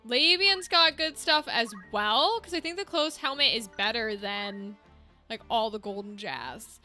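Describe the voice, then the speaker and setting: A woman streaming a game, chatting casually and thinking out loud as she sorts out gear. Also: fairly high pitch. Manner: chatty, thinks aloud, easily amused. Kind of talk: casual gameplay chat. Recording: game music underneath.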